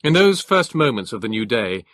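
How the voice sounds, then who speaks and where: A man of medium pitch reads audiobook narration from a script, and the recording has no room sound. His storytelling manner is measured and steady.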